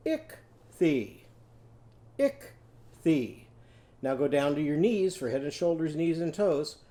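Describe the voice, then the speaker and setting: Mellow-voiced man teaching young children. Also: fairly high pitch. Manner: call-and-response, drawn-out syllables for kids to repeat. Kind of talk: children's literacy lesson.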